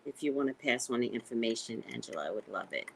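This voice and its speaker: An American woman hosting a casual livestream, chatting with viewers and telling stories in a playful, profane, animated way. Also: fast, breathy edge, low-quality recording. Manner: animated storytelling with sharp pitch jumps, profane and playful. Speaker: psychic and livestream host. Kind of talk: casual livestream chat reading comments.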